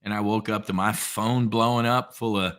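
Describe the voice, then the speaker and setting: A man, a guest on a trading podcast, telling stories in a casual, energetic way with plenty of slang. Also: lowish voice, moderate pace. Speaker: podcast guest, options trader.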